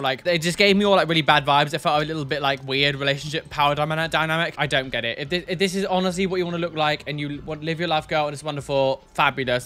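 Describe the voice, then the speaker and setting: A man's voice: on the high side, bright, forceful tone. A man hosting a casual reaction video, blunt and exasperated, often sighing and repeating himself for emphasis.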